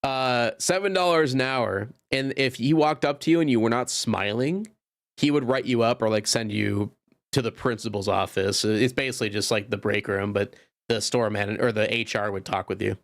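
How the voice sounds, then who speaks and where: A man's voice: mid-range voice, normal speed, no room sound, studio quality. A man in his thirties hosts his own show, spinning loose anecdotes in a mid-range voice. He rambles and restarts, swears casually, and laughs at his own stories. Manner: rambling, self-interrupting, profane, frequent laughs. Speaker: podcast host. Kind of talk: casual storytelling monologue.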